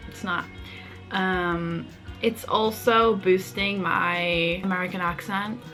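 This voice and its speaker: A woman's voice: lowish voice, steady tone, takes it slowly, pushed and bright, soft background music. A woman with a mild Liverpool accent chatting casually in a vlog, self-mocking and full of "like". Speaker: vlogger.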